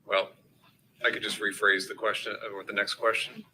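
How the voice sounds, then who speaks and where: A man questioning a witness in court in a measured, formal way. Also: lowish voice, level tone, bright, forceful tone, a little hiss or hum, rough recording. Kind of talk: courtroom examination.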